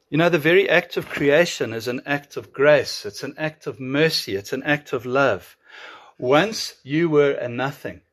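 Earnest man preaching a sermon. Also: mid-range voice. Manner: earnest, with emphatic drawn-out pauses. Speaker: pastor.

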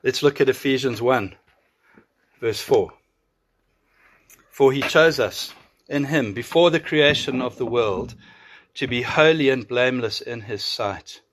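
A man's voice: mid-range voice, a bit bright. Earnest man preaching a sermon. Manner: earnest, with emphatic drawn-out pauses. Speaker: pastor.

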